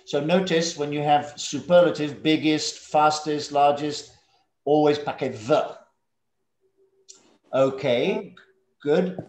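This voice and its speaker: Slow, patient male English teacher. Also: fairly high pitch, a little mellow, roomy sound. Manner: patient, drills words slowly, calls on students by name; drops in Indonesian classroom words. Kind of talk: online classroom teaching. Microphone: video call.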